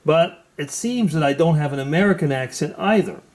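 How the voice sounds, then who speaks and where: A man's voice: on the high side, lively intonation, brisk, a little mellow. A man hosting a casual video chat, talking hesitantly with many fillers. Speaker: host.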